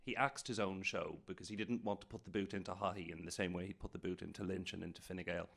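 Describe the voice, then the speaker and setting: Irish guy, low gravelly voice, dry sarcastic. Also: steady tone, fast talker, a bit bright. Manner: hesitant, sardonic. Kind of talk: casual chat.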